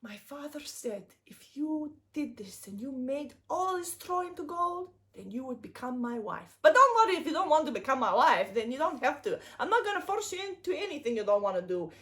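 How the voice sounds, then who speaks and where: A woman voicing a kind young prince who speaks softly and quickly, reassuring. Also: high voice, sing-song.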